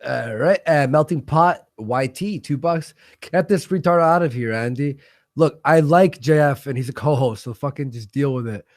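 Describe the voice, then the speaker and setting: A man's voice: mid-range voice, moderate pace, dry recording, studio quality. A man from Canada hosting a livestream, chatting casually with a guest, swearing freely and reading viewer donation messages aloud. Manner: profane, laughs loudly, reads viewer messages aloud.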